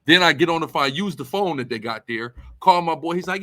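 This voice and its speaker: A man's voice: a little high, lively intonation, fairly quick, fairly bright tone. A man giving preaching-style commentary as a religious teacher, emphatic and repetitive in a conversational way.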